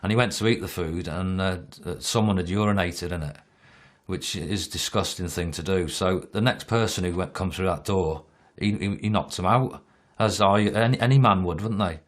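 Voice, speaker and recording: A man's voice: low voice, normal speed. A man giving a plain-spoken opinion in an interview, with hesitations. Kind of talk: documentary interview.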